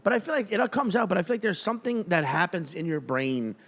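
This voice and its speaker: A man's voice: high-pitched, fast, a bit bright, big-room sound. A man with a Southern US accent hosting a casual chat, rambling with frequent restarts and fillers. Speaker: podcast host.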